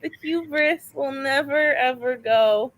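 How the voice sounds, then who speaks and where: A young woman hosting a casual reading stream from home, chatty and animated, laughing at herself often. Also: high voice, takes it slowly, rough recording. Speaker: host of a reading sprint stream. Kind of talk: casual chat. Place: home, near her kitchen.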